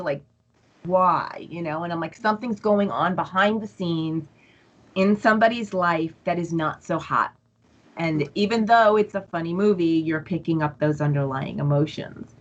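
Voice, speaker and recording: Woman telling stories with a dull lo-fi sound. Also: on the low side. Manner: animated storytelling, acts out her own inner voice. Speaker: guest, empath coach. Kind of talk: casual interview chat.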